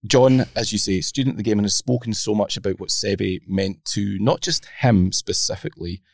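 A man's voice: fairly low pitch, moderate pace, gravelly, no echo. A Scottish man hosting a sports podcast, talking casually with a self-deprecating, laughing manner. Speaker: podcast host.

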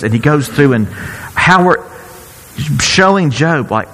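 A man's voice: a little high, animated, takes it slowly, long pauses, a bit bright, long reverb tail, rough recording. A man preaching a sermon in a conversational style, often restarting his phrases as he goes. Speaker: pastor.

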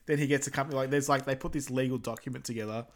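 A man's voice: medium pitch, steady tone, very fast. Rambling young man recapping a film. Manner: rambling, heavy on "like" and "um". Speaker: podcast co-host. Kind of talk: casual film recap chat.

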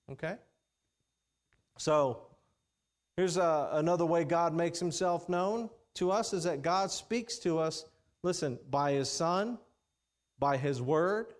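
A man preaching a sermon in a conversational way, reading scripture slowly and checking in with the congregation. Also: a little high. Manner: conversational, checks in with "okay?" and "all right?"; reads scripture slowly in King James wording.

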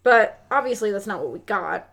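A woman co-hosting a casual podcast, reviewing a movie in a rambling, sweary, animated way. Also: mid-range voice, moderate pace, creaky. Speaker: podcast co-host.

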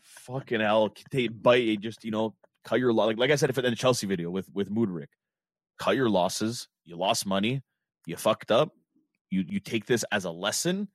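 A man co-hosting a casual football chat, talking in a rapid, profane and emphatic way. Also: on the low side, dry recording. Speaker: podcast co-host.

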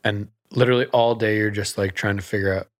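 A man's voice: on the low side, fairly even intonation, quick pace, no room sound, clean studio sound. A man who works as a realtor, talking in a casual podcast chat as a guest, telling stories animatedly and laughing often.

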